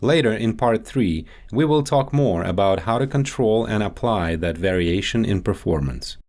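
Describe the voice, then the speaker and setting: A man working as a dialect coach, explaining pronunciation in a deliberate, teacherly way. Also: lowish voice, expressive, darkish tone. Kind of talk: instructional explanation.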